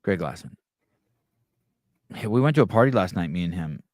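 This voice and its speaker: A man's voice: low-pitched, lively intonation, normal speed, darkish tone, no room sound, studio quality. A man hosting a live call-in podcast, talking bluntly with heavy profanity, restarting sentences as he tells stories. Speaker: podcast host. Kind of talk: casual live call-in chat.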